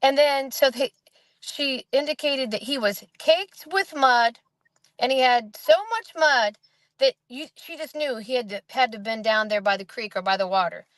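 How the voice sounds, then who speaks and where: A woman with a fairly high voice talks casually, rambling as she retells testimony and slips into quoted voices. The sound is dry and close. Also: normal speed, fairly bright tone, dry recording, low-quality recording. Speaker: host recapping a trial. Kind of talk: casual chat.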